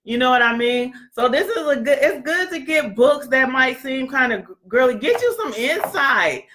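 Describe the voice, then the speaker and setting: A woman hosting a book club, chatting casually and loudly, joking and acting out what people say. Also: sits high, expressive, moderate pace, few pauses. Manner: chatty, joking, acts out quoted voices; laughs often, talks loud. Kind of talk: casual chat presenting a website.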